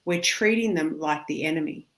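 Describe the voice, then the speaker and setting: Brief: woman host, somewhat low voice, thoughtful and earnest. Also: normal speed. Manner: reflective, earnest. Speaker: podcast host. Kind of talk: conversational interview.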